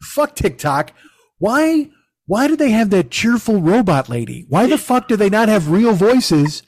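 Middle-aged man, fairly high voice, swearing and rambling, dry close mic. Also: a little slow, no room sound. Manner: profane, rambling, animated storytelling. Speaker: podcast host. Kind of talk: casual chat.

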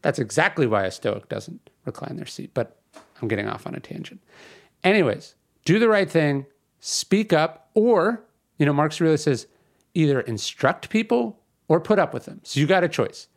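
A man's voice: a little high, sing-song, moderate pace, vocal fry. Conversational man hosting a podcast. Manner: conversational, ranting, emphatic with repetition. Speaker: podcast host. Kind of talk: casual spoken commentary.

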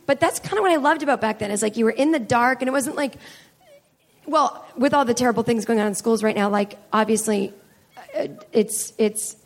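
High-voiced woman telling profane stories live. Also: brisk. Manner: chatty, profane, rambling asides. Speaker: stand-up comedian and podcast host. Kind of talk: live comedy storytelling. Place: stage in a small comedy venue.

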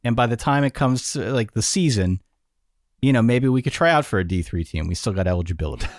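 A man in his thirties speaks on a casual podcast. He answers in short, laconic bits and seems reluctant to say much. His pitch moves around a lot, and the close recording is dry. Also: animated, fast talker, dry recording. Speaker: podcast co-host. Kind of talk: casual chat.

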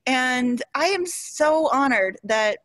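A woman soap opera actress in her forties, telling stories in an interview in a chatty, emotional, animated way. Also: sits high, takes it slowly, no echo, poor audio.

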